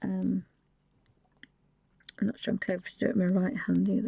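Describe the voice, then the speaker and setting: A woman's voice: mid-range voice, little pitch movement, moderate pace, vocal fry, mellow, breathy edge, no echo, dull audio. A woman hosting a live painting tutorial, chatting casually and often dropping to a whisper, with rambling, apologetic asides at her home desk. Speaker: craft channel host.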